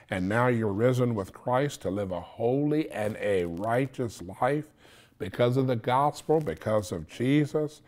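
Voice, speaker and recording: A man's voice: fairly low pitch, darkish tone. A man preaching a sermon, teaching in short repeated phrases and checking in with "okay?". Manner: repetitive, insistent teaching with frequent "okay?" check-ins.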